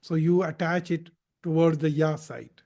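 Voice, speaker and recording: A man's voice: fairly high pitch, little pitch movement, gravelly, a little mellow. A man teaching Arabic grammar in a live recorded lesson. He explains step by step, repeats key points, corrects himself and often checks in with "Okay?". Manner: slow, repetitive explaining with frequent "Okay?" checks and self-corrections. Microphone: recorded in a live video session.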